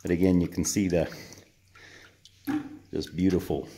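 A man's voice: low-pitched, level tone, a little slow, background noise. A middle-aged man vlogging outdoors with a handheld camera, talking in a casual, rambling way with restarts. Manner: rambling, restarts often, chuckles. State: out of breath. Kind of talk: casual vlog narration. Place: outdoors near a mine, walking.

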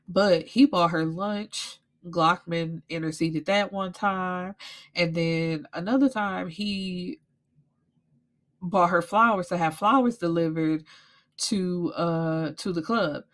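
A woman's voice: lowish voice, takes it slowly. Blunt, profane woman recapping a book. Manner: blunt, profane, animated storytelling. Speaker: book reviewer.

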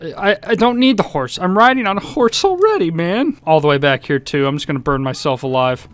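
An excitable young man narrates his own gameplay with a high, clear, smooth voice. He laughs often and shouts reactions at each surprise. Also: a little fast. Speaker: gaming YouTuber. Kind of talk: let's-play commentary.

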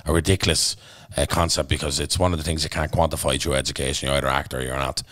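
Fast-talking deep-voiced Dublin man. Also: little pitch movement, fairly bright tone, no echo, studio quality. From Ireland. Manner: blunt, swears freely, intense. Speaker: podcast guest. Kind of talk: candid storytelling in conversation.

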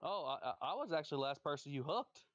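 A man's voice: a little high, sing-song, quick pace, fairly bright tone, no echo, highs cut off. A man trash-talking another player on a stream voice chat, scornful and taunting, repeating his insults. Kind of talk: trash talk between matches.

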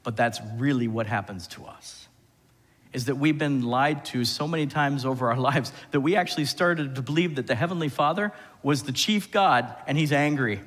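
A male pastor delivers a lively sermon, throwing questions out to his congregation. His voice sits in an ordinary middle register. It rings out with the long reverb of a church hall. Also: mid-range voice, moderate pace. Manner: animated, asks the congregation questions. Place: church sanctuary.

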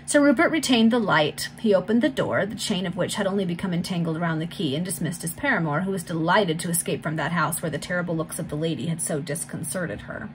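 A woman reading a Victorian novel aloud in a steady, clear, measured voice. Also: lowish voice, a little hiss or hum, poor audio. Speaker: volunteer reader.

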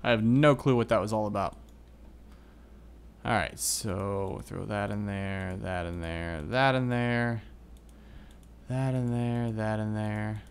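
A man commentating his own game as he plays, excitable and groaning at setbacks. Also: on the low side, slow pace, long pauses, slight background noise. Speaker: gaming video host. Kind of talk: Minecraft let's play commentary.

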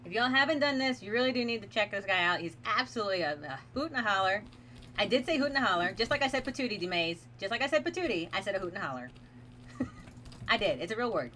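Woman gamer streaming, chatty and jumpy, bright voice bouncing all over, talks to chat. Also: mid-range voice, very animated, fast, slight background noise. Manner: chatty, talks to chat while playing, laughs often; nervous self-reassurance while playing a horror game. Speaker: game streamer. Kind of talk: casual gaming commentary.

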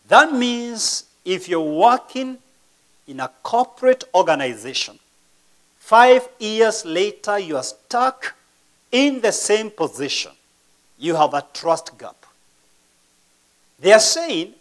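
A man preaching a sermon as pastor, asking the congregation rhetorical questions and using dramatic pauses and sharp swings between loud and soft. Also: high voice, big pitch swings.

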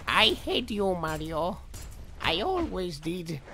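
Man putting on a shrill squeaky whine. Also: big pitch swings, slow, bright, forceful tone, soft background music, heavily acted. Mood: whiny.

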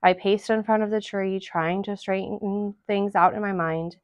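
A woman reading a children's novel aloud to school families, in steady storytelling narration. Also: medium pitch, moderate pace, no echo. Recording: dull, dry lo-fi recording.

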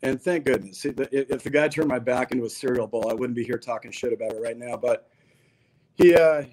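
A man's voice: medium pitch, fairly quick, a little mellow, poor audio. A man as a podcast guest, telling a long story in a casual, slangy, laid-back way. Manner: laid-back, slangy, peppers talk with "dude".

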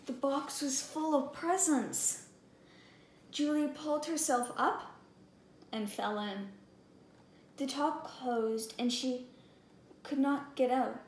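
A woman reading a picture book aloud in an expressive, deliberate way. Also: sits high. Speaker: storybook reader. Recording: echoey room, faint background hum.

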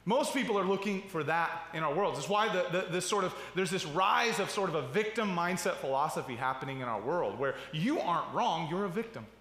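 Casting note: man in his thirties, pastor giving a chatty sermon, slightly high voice, big roomy reverb. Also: lively intonation, brisk, hardly any pauses, fairly bright tone. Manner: conversational preaching with asides and repeated "right?". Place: church sanctuary. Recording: roomy hall with long reverb.

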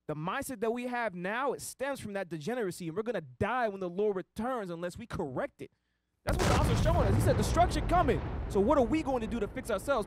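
Earnest high-voiced male exhorter. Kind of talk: impassioned sermon remarks.

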